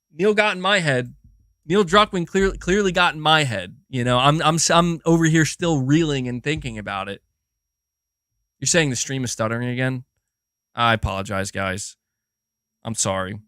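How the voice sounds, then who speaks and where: A man hosting a gaming livestream, ranting in a swearing, emphatic way that keeps restarting mid-sentence. His voice sits a little high for a man. The sound is close and dry, with no room around it. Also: no echo. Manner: animated, profane and emphatic, with frequent restarts. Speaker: livestream host. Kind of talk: casual livestream rant.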